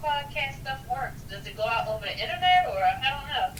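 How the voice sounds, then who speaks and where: A woman with a bright, somewhat high voice chats calmly and skeptically with the hosts. She sounds far off in an echoey space, with faint noise behind her. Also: brisk. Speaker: guest calling in. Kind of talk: casual chat.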